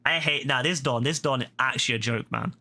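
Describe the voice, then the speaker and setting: A man's voice: medium pitch, brisk, sharp tone. Heated British man ranting. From Britain. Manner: heated, profane and repetitive. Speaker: gaming livestreamer. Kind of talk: angry rant at a chat viewer.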